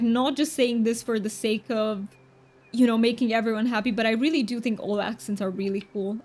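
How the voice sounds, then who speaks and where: A woman whose first languages are Romanian and Hungarian, chatting casually on a game stream and answering chat aloud. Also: a little high.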